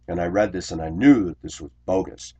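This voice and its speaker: A man who drives a school bus, telling a workplace grievance story in an indignant, complaining way, clearing his throat often. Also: low-pitched, fairly quick, warm tone. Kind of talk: ranting personal storytelling vlog.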